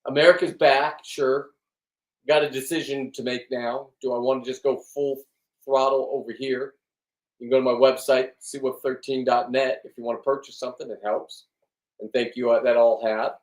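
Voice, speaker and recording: A man's voice: mid-range voice, level tone, moderate pace. A middle-aged man in a rambling, blunt vlog monologue, swearing often and restarting his sentences. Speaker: vlogger. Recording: echoey room, distant from the mic.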